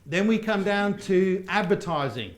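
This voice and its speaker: Brief: upbeat man, slightly high voice, runs a live training room, echoey hall. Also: a little slow. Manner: lively, quizzes the audience with call-and-response. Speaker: property course trainer. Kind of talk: live seminar teaching. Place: seminar room with audience. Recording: roomy seminar hall sound.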